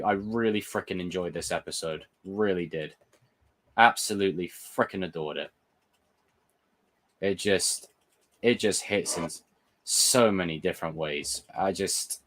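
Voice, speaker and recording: A young man hosting a live chat, excitable and swearing, answering viewer comments. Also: low-pitched. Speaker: livestream host reviewing a TV episode. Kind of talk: casual live reaction chat.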